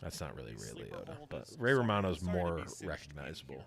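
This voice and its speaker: A man's voice: very deep voice, big pitch swings, fairly quick, creaky, crowd noise. A man from Buffalo, New York, chatting casually as a co-stream host, laughing easily and riffing on impressions. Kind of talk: casual chat.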